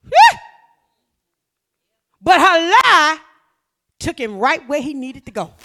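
A woman preaching a fervent sermon, repeating phrases and often shouting. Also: high-pitched, very animated, measured pace, a little hiss or hum.

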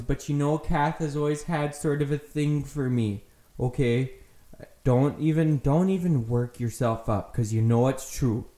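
A man, host of the show, playing a confused, rambling neighbor who keeps trying to calm someone down in an improvised comedy scene. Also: mid-range voice, close to an everyday voice. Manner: folksy, rambling, placating. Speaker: podcast host. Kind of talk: improvised comedy role-play. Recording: echoey room.

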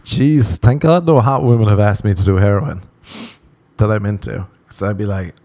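A man's voice: on the low side, moderate pace, warm tone, no room sound. A young Irish man telling crude, self-mocking comic stories and laughing at his own jokes. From Ireland. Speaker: comedian. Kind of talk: comedic monologue.

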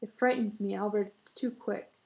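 Give me an anxious young mother who scolds her husband sharply, read by a woman. Her voice is mellow and dark with a gravelly rasp. She sounds tense and stern. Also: mid-range voice, steady tone, normal speed, lightly acted. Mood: scolding.

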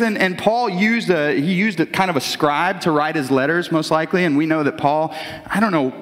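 A man preaches to a congregation in a loose, chatty style, stumbling and restarting as he goes. His voice sits a little high for a man. The sound rings with the long reverb of a large church hall. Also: normal speed, fairly bright tone. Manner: conversational preaching with many restarts, voices imagined characters. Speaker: pastor. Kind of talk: sermon.

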